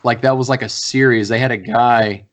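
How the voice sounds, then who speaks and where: A man co-hosts a podcast in easy casual chat, his voice at an ordinary middle pitch. He tells stories with energy, acting out the lines he quotes and cursing along the way. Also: normal speed. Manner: animated storyteller, acts out quotes, swears. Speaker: podcast co-host.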